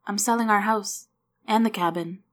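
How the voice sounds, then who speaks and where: A woman reading as a soft-spoken grieving widow. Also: medium pitch, slight background noise, natural voice. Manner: soft, halting with small restarts.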